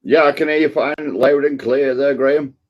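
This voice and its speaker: A man joining a live stream as a guest over a call, talking in a friendly, relaxed way. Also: mid-range voice, moderate pace, muffled recording. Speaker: guest caller. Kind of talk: casual chat over a video call.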